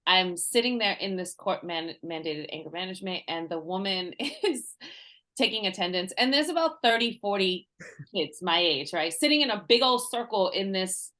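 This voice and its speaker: A woman's voice: medium pitch, expressive, normal speed, a bit bright. A woman in her forties, a guest coach, telling personal stories in a casual interview, laughing often and acting out the voices of people she quotes. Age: 40s.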